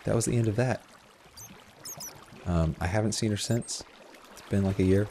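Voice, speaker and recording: A man's voice: lowish voice, normal speed, mellow, a little hiss or hum. A man hosting a Minecraft video, telling a rambling story in casual chat while he plays, full of fillers and self-deprecating asides.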